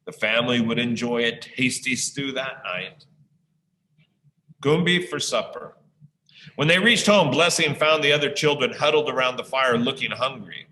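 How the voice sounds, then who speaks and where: A male teacher reading a story aloud to an online class, pausing often to ask the listeners questions. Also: medium pitch, pushed and bright. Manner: slow, pausing to quiz listeners. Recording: echoey room sound.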